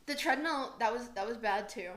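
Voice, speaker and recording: A woman's voice: fairly high pitch, normal speed, fairly bright tone. A young woman co-hosting a podcast, telling retail stories in casual chat, laughing often and acting out quotes. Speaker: podcast co-host.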